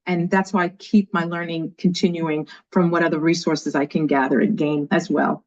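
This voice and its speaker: A woman in her fifties from New York, with a New York accent, talking as an enthusiastic, energetic guest in an interview. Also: sits low, moderate pace. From New York, USA. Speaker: guest, education leader. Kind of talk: casual interview chat. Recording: dull lo-fi audio.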